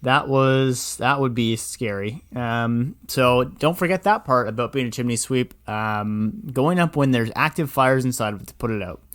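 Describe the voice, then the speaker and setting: A man's voice: medium pitch, normal speed, hardly any pauses, fairly bright tone. A young man co-hosting a podcast, chatting casually and playfully, often slipping into silly acted-out voices. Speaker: podcast co-host. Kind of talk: casual chat.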